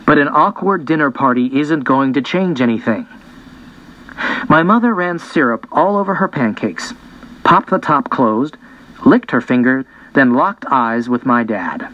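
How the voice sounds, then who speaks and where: A man reading a story aloud in an expressive first-person narration. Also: mid-range voice, measured pace, dull audio. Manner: lively, expressive reading with voiced dialogue. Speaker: audiobook narrator.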